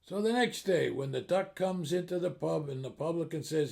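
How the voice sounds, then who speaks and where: Man, comedic joke telling, storytelling build-up, gravelly, slightly high. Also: moderate pace, hardly any pauses. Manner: storytelling, steady build-up to punchlines. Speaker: joke teller.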